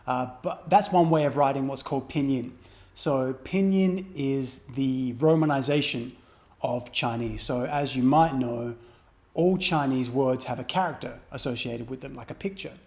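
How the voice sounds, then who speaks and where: A man's voice: mid-range voice, moderate pace, a little mellow. A man teaching a beginner language lesson, explaining step by step and saying example sounds aloud. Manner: patient, demonstrates sounds aloud.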